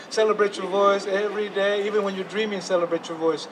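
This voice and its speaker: Distant chanting older poet outdoors. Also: male voice, sits high, steady tone, brisk, few pauses. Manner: chanting, rhythmic repetition, mixing in Spanish phrases. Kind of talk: spoken word poetry performance. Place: outdoors downtown street. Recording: distant mic, street noise.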